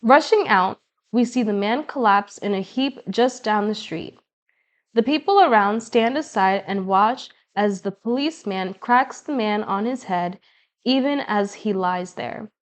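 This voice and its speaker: A woman narrating an audiobook in the first person. Her storytelling is measured and expressive, and her voice sits at a middle pitch for a woman.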